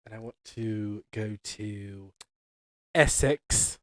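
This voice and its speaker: A man's voice: lowish voice, a little fast, darkish tone, no echo. A man co-hosting a casual chat podcast, chiming in with dry quips. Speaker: podcast co-host.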